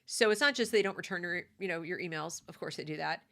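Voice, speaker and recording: Lower-voiced woman, emphatic commentary monologue, conversational and repetitive. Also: quick pace, vocal fry, a bit bright. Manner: emphatic, conversational, repeats points.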